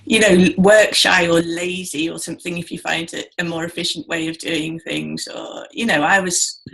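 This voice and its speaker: Brief: woman interview host, lowish voice with gravelly fry, reflective, laughs easily, self-correcting. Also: fairly even intonation, normal speed, fairly bright tone. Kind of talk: conversational interview.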